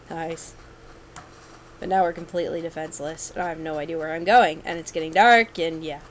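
A young woman giving casual, excitable commentary while playing a video game, with sudden yelps and running chatter. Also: on the low side, brisk, a little hiss or hum, low-quality recording. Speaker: let's play gamer.

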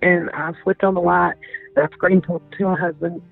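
Gravelly woman over a tinny line. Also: on the low side, flat delivery, moderate pace. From Georgia, US. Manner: emotional, repeating phrases as she retells. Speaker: victim's older sister. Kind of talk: interview recollection. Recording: tinny phone-line interview with music behind.

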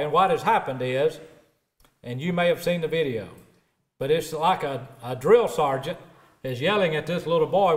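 A middle-aged man preaching a sermon, rising emphatic on scripture and dropping low and soft for stories.

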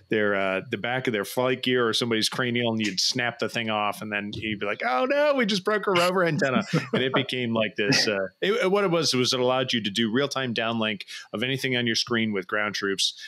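A man's voice: mid-range voice, sharp tone. Eager middle-aged man hosting a podcast. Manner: eager, explains terms for listeners. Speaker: podcast host. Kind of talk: conversational interview.

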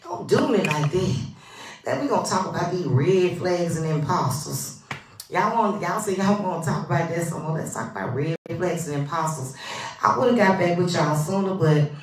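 A woman hosting a casual live stream, greeting her viewers by name with drawn-out, animated calls and dropping into soft asides. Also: on the low side, a little hiss or hum. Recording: roomy, distant from the mic.

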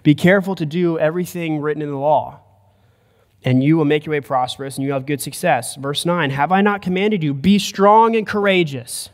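A male pastor preaches with an earnest, emphatic delivery, his voice sitting a little higher than most men's. The sound rings with a long reverb, as in a church hall. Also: a little fast. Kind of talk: sermon. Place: church sanctuary.

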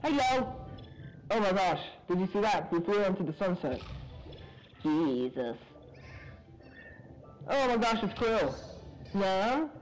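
High-voiced goofy male gamer. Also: slow pace, pauses often, soft background music, rough recording. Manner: rambling, goofy, breaks into excited high-pitched yelps. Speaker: gaming commentator. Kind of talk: casual let's-play commentary. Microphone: low-quality microphone.

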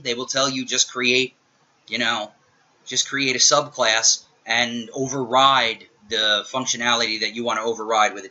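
A man's voice: medium pitch, pushed and bright. A middle-aged man teaching programming in a recorded screencast lecture, casual and joking as he talks through his code. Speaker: programming instructor. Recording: dull lo-fi audio.

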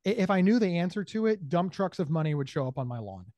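A man speaking as an advocate in an interview, explaining with lively acted-out dialogue, often stumbling over first words and asking "right?". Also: sits high, quick pace, a crowd in the background. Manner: animated, acts out dialogue in changing voices; repeats words at starts, checks in with "right?". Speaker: bipolar disorder advocate. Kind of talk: conversational interview answers.

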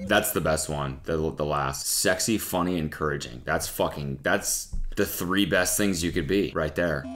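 A man's voice: rumbling low, a little slow, over music. A man in his thirties doing casual, sarcastic reaction commentary, swearing freely and acting mock-outraged.

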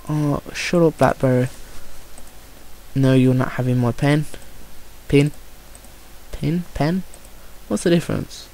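Young Brummie lad, gravelly commentary. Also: male voice, fairly high pitch, slow pace, long pauses, slight background noise. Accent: Birmingham English. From Birmingham, England. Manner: chatty, excitable, jokey self-talk. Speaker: gameplay commentator. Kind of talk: casual gameplay commentary.

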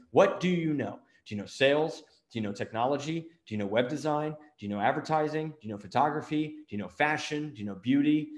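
A middle-aged man delivers a motivational business talk to camera with energy, firing off one rhetorical question after another. His voice sits at an ordinary male pitch and bounces around a noticeably echoey room. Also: slight background noise. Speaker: marketing agency owner and show host.

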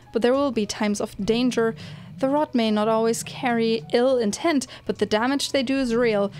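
A woman voicing a gentle, caring plant-folk mentor in a video game, reading in a soft, measured, reassuring way. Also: on the high side, natural voice.

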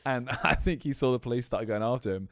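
A young man co-hosting a podcast, chatting casually in a relaxed way, explaining at length and laughing easily. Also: mid-range voice, fast talker, dry recording. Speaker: podcast co-host. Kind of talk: casual chat.

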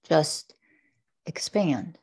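A woman with a low-pitched voice leads a guided meditation. She speaks in a slow, soothing cadence and keeps repeating gentle affirmations. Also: expressive, gravelly, husky. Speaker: guest, spiritual teacher. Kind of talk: guided heart-centered meditation coaching.

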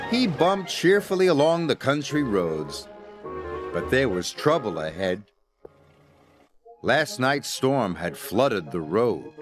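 Male storybook narrator, slow, very expressive, music under him. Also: mid-range voice. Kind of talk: children's story read-aloud. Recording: music playing behind.

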